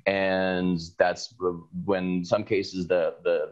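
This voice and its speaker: A man's voice: low-pitched, level tone, highs cut off. A man, answering interview questions at length in a lecturing, wry, sarcastic way. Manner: sarcastic, lecturing, thoughtful pauses. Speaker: local historian guest. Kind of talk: conversational interview.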